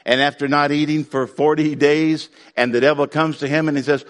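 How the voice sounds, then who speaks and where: A man preaching a sermon to his congregation in a conversational way, breaking now and then into loud outbursts. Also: fairly high pitch, little pitch movement, a little fast, hardly any pauses, big-room sound. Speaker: pastor.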